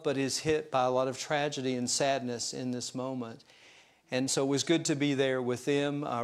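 A male pastor preaching a sermon, telling stories in a folksy, self-deprecating way. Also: mid-range voice. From US South mountain region. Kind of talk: sermon storytelling.

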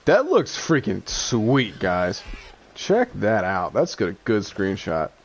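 A young man giving casual gameplay commentary, excitable and quick to rant when things go wrong. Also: on the low side, husky. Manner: excitable, frequent exclamations, frustrated rants. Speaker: gaming YouTuber.

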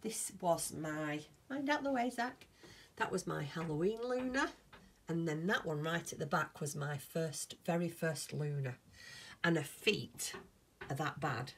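A woman's voice: deep voice, measured pace, a little hiss or hum. A woman chatting casually in her home craft room, showing off her crafts and gushing enthusiastically over new fabrics and yarn. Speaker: crafting vlogger. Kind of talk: casual chat.

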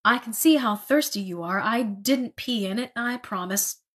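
Brief: a gaunt German sergeant major, man, slow and taunting, breathy edge, read by a woman. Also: fairly high pitch.

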